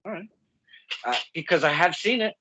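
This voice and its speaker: Bright-voiced chatty male host. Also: sits high, lively intonation, normal speed, highs cut off, a little hiss or hum. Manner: rambling, chatty, self-correcting with fillers. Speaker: podcast host. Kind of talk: casual interview chat.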